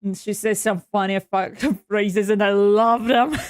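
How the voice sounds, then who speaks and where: A woman streamer casually commenting on a game, excitable and quick to swear and laugh, often restarting her sentences in halting English. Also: medium pitch, no room sound. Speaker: VTuber streamer. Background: faint game music.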